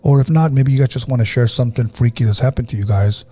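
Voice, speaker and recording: A man's voice: medium pitch, fast, breathy edge. A man hosting a paranormal podcast, telling stories casually and opening the phone lines to listeners. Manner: relaxed storyteller, acts out quoted voices; takes calls from listeners. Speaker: podcast host.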